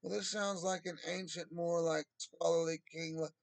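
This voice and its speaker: A young man delivering a heated, rambling monologue, agitated and at times bursting into shouts. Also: on the high side, steady tone, normal speed, gravelly, dry recording, poor audio.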